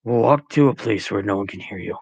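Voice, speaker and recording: A man voicing a stern, grieving police chief father, speaking low and heavy. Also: a little fast, gravelly, slightly rough, no room sound. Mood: grave. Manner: low, hushed, heavy delivery.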